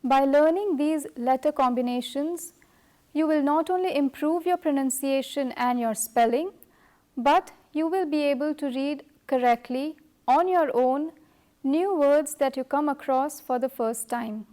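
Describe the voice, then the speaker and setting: A middle-aged woman teaching a scripted French lesson, speaking in a slow, careful, measured way. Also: high-pitched, mellow.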